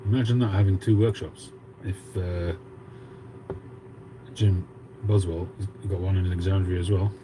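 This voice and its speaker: A man's voice: low-pitched, fairly even intonation, normal speed, noisy background. A man in his fifties with a Cockney accent, hosting a casual livestream and chatting with viewers as he reads out their comments. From England. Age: 50s. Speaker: livestream host.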